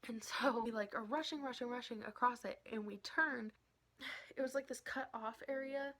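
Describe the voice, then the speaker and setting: A young woman telling an excited story in a casual vlog, laughing often and dropping into whispers. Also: on the high side, normal speed. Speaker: vlogger.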